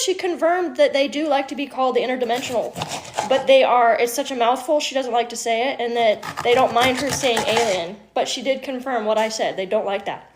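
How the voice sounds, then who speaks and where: A woman's voice: on the high side, brisk, noisy background. A woman chatting casually on a live stream while she cooks, laughing often and swearing now and then. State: teary from onions. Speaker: livestream host. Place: home kitchen.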